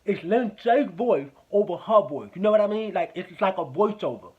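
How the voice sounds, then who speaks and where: A man's voice: high-pitched, lively intonation, moderate pace, husky, narrow, tinny audio. A man giving a casual spoken movie review, rambling, swearing often and repeating himself.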